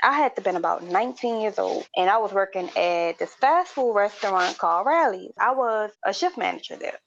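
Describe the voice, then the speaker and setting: A woman co-hosting a podcast tells a story in loose, slangy casual chat, acting out the people in it. Her medium-pitched voice is animated, brisk and creaky, and the dry, slightly dull recording carries a little hiss or hum.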